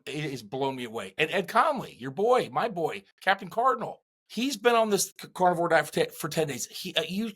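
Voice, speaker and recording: Husky-voiced middle-aged podcast co-host, slightly high, rambling with restarts. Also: male voice. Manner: animated, rambling with many restarts. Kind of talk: casual chat.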